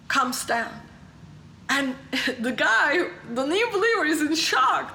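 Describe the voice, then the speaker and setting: A woman preacher with a very high, bright voice delivers a sermon slowly and passionately. She drops to hushed tones, then rises to exclaiming and laughing through tears. The recording is in an echoey room. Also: slight background noise. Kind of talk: sermon with testimony storytelling.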